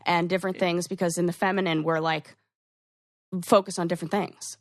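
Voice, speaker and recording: A woman's voice: fairly low pitch, little pitch movement, a little fast, no room sound, studio quality. A woman co-hosting a podcast in casual chat, acting out quoted phrases as she explains. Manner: chatty, acts out quoted phrases. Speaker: podcast co-host.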